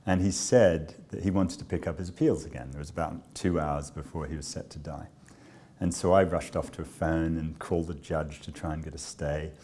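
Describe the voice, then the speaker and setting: Low voiced guy, charity director, telling a story slow and understated, lots of pauses and ums. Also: fairly even intonation, a little mellow. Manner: measured, understated, with frequent pauses and fillers. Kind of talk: reflective personal storytelling.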